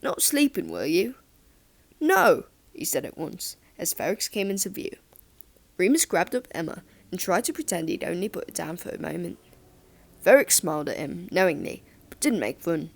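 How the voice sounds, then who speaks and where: Woman, audiobook narration, calm and steady, very lively intonation. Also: fairly low pitch, moderate pace, vocal fry.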